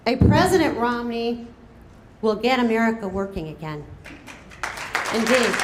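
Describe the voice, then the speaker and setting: Serving as a campaign co-chair, a woman delivers a political rally speech in a cafe's event room before a crowd, drawing out her words and sending rising calls to the audience. Her voice runs high and animated, captured in an echoey room with crowd murmur and other background noise.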